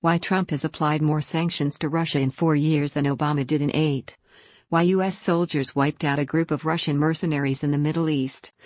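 A woman reading a news article aloud in an even, measured scripted narration. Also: low-pitched, dry recording, clean studio sound.

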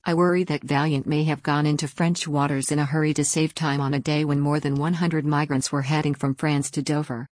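A woman reading out a written news article in an even, measured delivery. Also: low-pitched, no room sound, clean studio sound. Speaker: news reader.

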